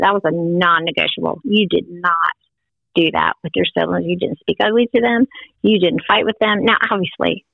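A woman's voice: gravelly, dry recording. An older woman, a podcast guest telling family stories in a casual chat. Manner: warm storytelling with playful high quoted voices. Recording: tinny phone-like sound.

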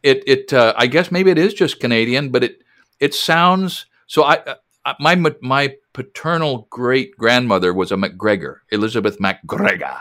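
A man's voice: mid-range voice, expressive, normal speed, a bit bright. Chatty man in his sixties. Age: 60s. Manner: chatty, reflective, restarts his sentences. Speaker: co-host. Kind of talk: casual interview.

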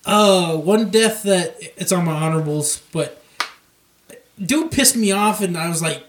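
A man's voice: high voice, lively intonation, unhurried, reverberant, slight background noise. A man co-hosting a podcast in casual chat, agreeable and laid-back, and he reads ads with a chuckle. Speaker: podcast co-host.

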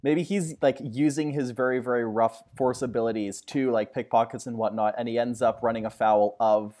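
A man in easy, casual conversation on a fan podcast, mid-pitched and ordinary. He rambles and corrects himself mid-thought. He drops deadpan jokes as he goes. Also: moderate pace. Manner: rambling, self-correcting, jokey.

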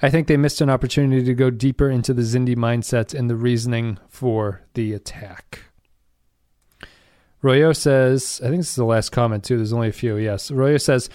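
A man in a casual podcast chat, mid-pitched and unhurried, mulling things over and reading listener mail aloud. The sound is close and dry, with no room around it. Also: a little mellow, dry recording. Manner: thinks aloud, reads listener comments. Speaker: podcast co-host.

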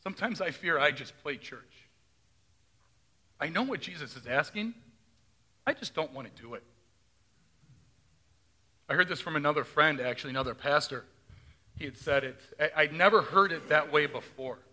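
Bright, high-voiced male pastor preaching. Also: animated, normal speed, pauses often. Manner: conversational, asks the congregation questions. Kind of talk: sermon.

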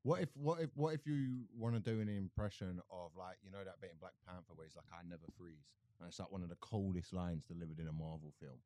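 A man's voice: deep voice, fast talker, hardly any pauses, mellow, no echo. Young man, podcast co-host, playful banter, dry booth sound. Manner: joking, slips into impressions and accents. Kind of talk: casual chat.

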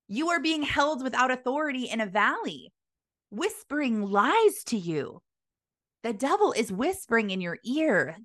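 A woman's voice: a little high, a bit bright. Earnest woman preaching with urgency. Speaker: Christian speaker. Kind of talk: motivational Christian sermon.

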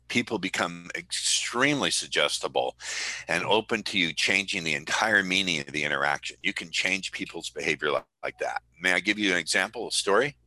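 A man guest on a podcast interview, telling stories in an emphatic, boastful, energetic way, slowing down with dramatic pauses for effect. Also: low voice, dry recording, rough recording. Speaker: guest, persuasion coach.

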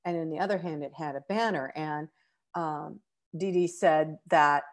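A middle-aged American woman telling a heartfelt personal travel story, halting with fillers and close to tears. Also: low-pitched. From United States. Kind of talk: personal anecdote.

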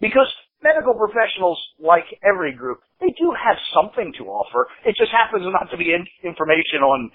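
High, animated man sounding indignant. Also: fairly quick, few pauses. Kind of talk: blunt casual chat. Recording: tinny phone-like audio.

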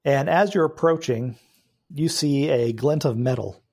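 Acting as game master, a man narrates a tabletop game in a relaxed, hesitant way, with plenty of fillers. He speaks at medium pitch and a little slowly.

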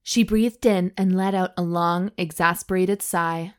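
A woman's voice: fairly low pitch, fairly even intonation, a little slow, clean tone. A woman co-hosting a comedy podcast, reading an erotic story aloud with mock drama and stopping to joke. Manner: reads with mock drama, stops to joke and laugh.

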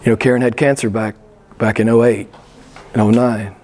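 A middle-aged man preaching a sermon, swinging between loud emphatic lines and hushed, whispered asides. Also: mid-range voice, steady tone, moderate pace, slight background noise. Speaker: pastor.

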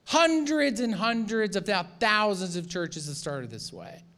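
A man preaching a sermon as pastor, animated, acting out the voices of the people he quotes, with frequent restarts. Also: high-pitched, measured pace.

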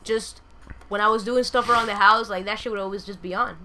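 A woman's voice: mid-range voice, fairly even intonation, pushed and bright, slight background noise. A woman around thirty co-hosting a podcast, blunt and sweary in casual chat. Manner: blunt and sweary, quick to laugh. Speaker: podcast co-host.

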